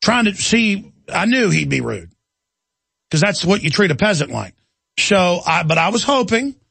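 Gravelly, ranting man. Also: sits high, sing-song, normal speed, fairly bright tone, no room sound. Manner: indignant, ranting storyteller. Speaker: talk radio host. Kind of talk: talk radio monologue.

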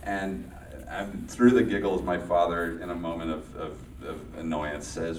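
A man's voice: sits low, flat delivery, measured pace, hardly any pauses, roomy sound, distant mic, slight background noise. A man from Los Angeles telling a story to a live audience, often restarting sentences and laughing. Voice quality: rambling, self-interrupting, laughs often. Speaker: guest, former child actor.

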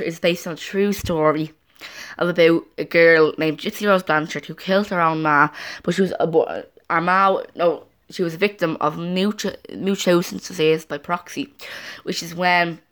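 A woman's voice: fairly low pitch, normal speed, a bit bright. A young woman chatting casually to camera at home, rambling and often restarting her sentences. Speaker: vlogger.

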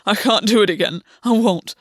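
Lady reading as a rough blunt fae soldier guy, battle-worn, dry close sound. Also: medium pitch, normal speed, dry recording, natural voice. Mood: pleading. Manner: blunt, forceful.

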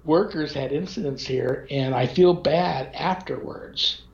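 A man with a fairly high voice tells a story with energy and gives each person in it their own voice. The sound is roomy and echoes. The audio is a little dull and lo-fi. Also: measured pace, vocal fry. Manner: animated storyteller, acts out quoted dialogue. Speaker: paranormal investigator guest. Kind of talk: casual storytelling chat.

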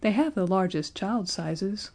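A woman's voice: medium pitch, animated, unhurried, a little mellow. A woman doing a curt shop clerk.

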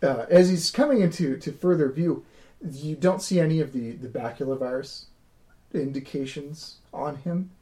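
A man narrating a tabletop game as game master, easygoing, with hesitant pauses. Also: a little high, dark tone.

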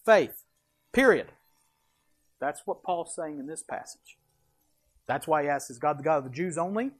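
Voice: mid-range voice, a little fast, slightly rough. A preacher giving a verse-by-verse sermon with slides, emphatic, asking rhetorical questions and answering them, with folksy asides.

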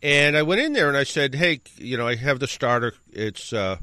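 A man's voice: medium pitch, lively intonation, moderate pace, bright, forceful tone, smooth, dry recording, studio quality. A middle-aged man hosting a radio show, telling a rambling anecdote in a casual way, correcting himself and adding wry asides. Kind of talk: casual storytelling.

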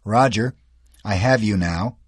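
A man voicing a calm male radio operator with clipped, procedural speech in an audiobook. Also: fairly low pitch, measured pace, slightly rough, no room sound, clean studio sound. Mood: businesslike. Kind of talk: audiobook character voice.

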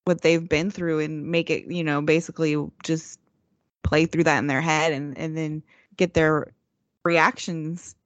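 A woman with a lowish voice chats hesitantly as a podcast co-host, her sentences trailing off. The sound is dry and dull, like lo-fi audio. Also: little pitch movement, unhurried, no echo. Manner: hesitant, trailing off, filler-heavy. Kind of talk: casual chat.

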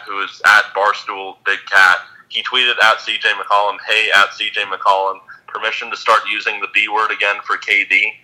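Male co-host with a low, sharp, bright voice, recapping plainly with ums. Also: poor audio. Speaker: podcast co-host. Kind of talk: casual sports podcast chat, reading tweets aloud.

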